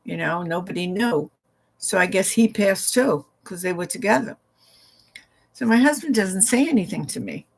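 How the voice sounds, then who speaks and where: A woman's voice: mid-range voice, animated, normal speed, gravelly, breathy edge. A woman telling a personal ghost story in a casual way, acting out the back-and-forth with "he goes" and "I said.". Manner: acts out dialogue with "he goes, I said" asides.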